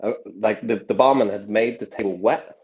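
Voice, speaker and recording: A young man, a magician telling stories from his life as a podcast guest, with animated delivery and frequent restarts. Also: on the low side, normal speed. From England. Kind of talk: casual podcast storytelling. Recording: dull lo-fi sound.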